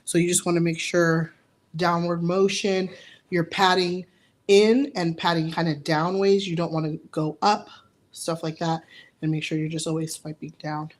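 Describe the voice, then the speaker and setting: A young woman with a raspy voice, chatting casually while she demonstrates a nail technique live. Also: on the low side, level tone, normal speed. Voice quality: raspy from allergies. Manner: chatty, friendly, lots of fillers. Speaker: nail artist giving a live demo. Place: nail studio indoors.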